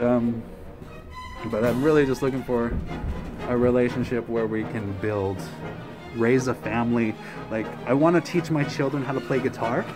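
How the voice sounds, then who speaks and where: Man, casual rambling vlog rant, emotional and crude, music clearly under the voice. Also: mid-range voice. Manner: rambling, emotional, profane, with many fillers. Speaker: musician vlogger. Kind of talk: rambling personal monologue to camera.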